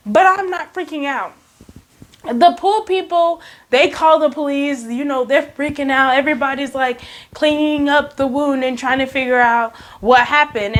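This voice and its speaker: High-pitched woman telling an animated story. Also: moderate pace. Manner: animated, dramatic storytelling with exaggerated disbelief. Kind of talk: casual storytime vlog.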